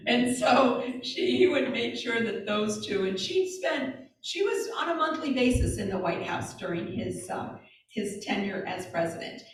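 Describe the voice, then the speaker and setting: A woman's voice: fairly high pitch, expressive, a little slow, background noise. A woman guest speaker telling stories to a church audience in a chatty way, with many asides. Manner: chatty, warm storytelling with asides and fillers. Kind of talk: informal talk to a congregation. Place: church hall. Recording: echoey hall, speaker far from mic.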